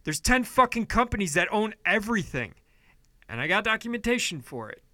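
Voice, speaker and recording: A man hosting a podcast, ranting heatedly about politics and money with a lot of swearing, then dropping to quieter apologetic stretches. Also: high-pitched, sing-song, brisk, no room sound, clean studio sound. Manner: heated, profane, swings between yelling and apologetic quiet. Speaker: podcast host.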